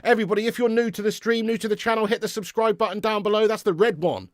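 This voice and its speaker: A young man hosting a live football watch-along, chatting casually and answering viewer comments between bursts of excitement at the match. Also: high-pitched, fast talker, no echo, studio quality.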